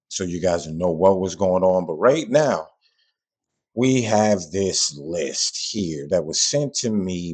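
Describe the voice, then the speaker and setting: A man's voice: low voice, darkish tone, breathy edge. A man hosting a podcast and talking through a reaction in a casual way, blunt and frank, sometimes swearing, and repeating himself when he is puzzled. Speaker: podcast host.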